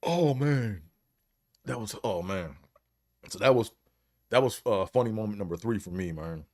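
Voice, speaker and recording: A man's voice: fairly low pitch, expressive, normal speed, a little mellow. A man telling funny stories from his life in a loose, casual way, often breaking into laughter and tagging lines with "man". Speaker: podcast host. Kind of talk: casual storytelling.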